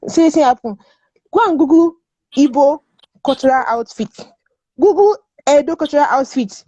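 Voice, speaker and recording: A high-voiced woman argues her point in a casual discussion. She is emphatic and repeats herself, and she laughs often. Her tone is mellow and dry, and the recording sounds dull and muffled. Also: animated, moderate pace, no room sound. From Nigeria. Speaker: guest panelist.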